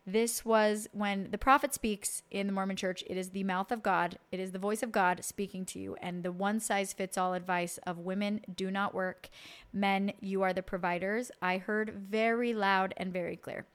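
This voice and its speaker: A woman in her thirties, an entrepreneur telling a personal story in a chatty, animated way, sometimes slipping into voices for the people she quotes. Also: medium pitch, normal speed, clean tone. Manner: chatty with frequent likes and self-corrections. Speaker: entrepreneur and podcast guest.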